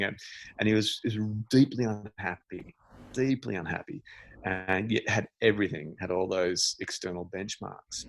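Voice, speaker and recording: Low gravelly man telling a story. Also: normal speed, no room sound. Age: 40s. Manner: reflective, animated storyteller with frequent restarts. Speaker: podcast guest, meditation teacher. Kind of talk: candid storytelling in a podcast conversation.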